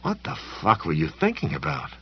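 A shaken, frightened man pleads and mutters in a strained voice, as a male narrator plays him. His voice is husky. The audiobook recording is a little dull. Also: on the low side, wildly swooping pitch, normal speed, exaggerated voice. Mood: muttering.

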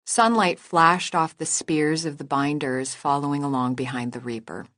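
Low-voiced woman narrating a novel. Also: normal speed, a bit bright, no room sound, studio quality. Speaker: audiobook narrator. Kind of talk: scripted narration.

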